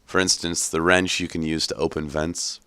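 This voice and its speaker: Gaming host, very deep male voice, crisp and dry; casual, profane commentary. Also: little pitch movement, normal speed, bright, forceful tone, dry recording. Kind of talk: gameplay commentary.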